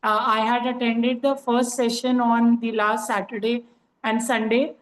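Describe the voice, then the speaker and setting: High-pitched woman, echoey room. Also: little pitch movement, a little slow. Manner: conversational, frequent "you know" fillers. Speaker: coaching participant sharing experience. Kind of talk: casual online group call.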